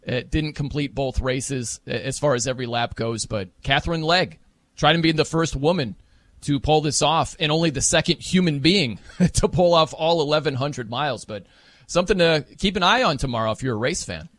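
A man with a slightly raised voice hosts a sports talk show, talking casually and getting animated as he goes. The sound is dry and close, with no room around it. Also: a little high, moderate pace, dry recording. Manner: animated, mimics wrestling announcers for laughs.

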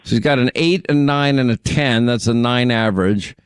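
A man's voice: mid-range voice, moderate pace, a little hiss or hum. A middle-aged man hosting a call-in radio show, chatting with callers, reminiscing and teasing them about their accents. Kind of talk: casual call-in chat.

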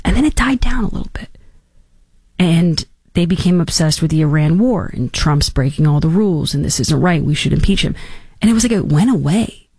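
A woman in her thirties hosting a show, talking in casual, sarcastic commentary and jumping into high mocking voices. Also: a little mellow, breathy edge, dry recording, studio quality. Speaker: host.

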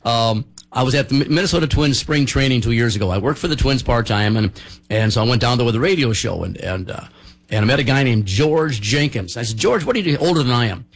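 A man's voice: mid-range voice, fast. A man hosting a radio show, chatty and joking as he tells stories in the studio. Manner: chatty, jokey, storytelling. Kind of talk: casual radio talk.

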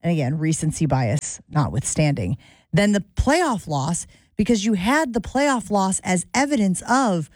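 A woman with a fairly low voice hosts a sports talk radio show. She talks conversationally and moves easily between opinions and callers. The sound is close and dry. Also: big pitch swings, measured pace, darkish tone, no echo. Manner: conversational, takes calls, reads stats.

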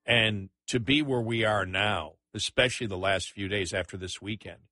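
A male talk radio host talks politics in a bright, pushy tone. He sounds incredulous and stammers into restarts. The studio sound is close and dry. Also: fairly low pitch, normal speed, dry recording.

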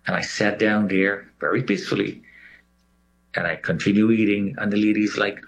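On a lo-fi recording, a man with a low, creaky voice speaks at normal speed about a personal experience. He brings the story to life, acting out the voices of the people involved.

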